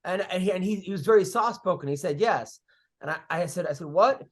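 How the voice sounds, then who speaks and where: A middle-aged man hosting a podcast, telling comedy-road stories in casual chat, animated, swearing freely and acting out what people said. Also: high-pitched, brisk. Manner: animated storyteller, swears freely, acts out quotes.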